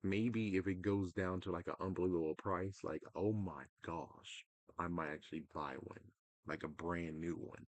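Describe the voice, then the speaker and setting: Casual gaming ranter, male, deep and dry-sounding, profane and exasperated. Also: fairly even intonation, moderate pace, dry recording. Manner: exasperated, profane, mocking voices; swings between loud outbursts and muttering. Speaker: gaming commentator. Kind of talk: casual rant to camera.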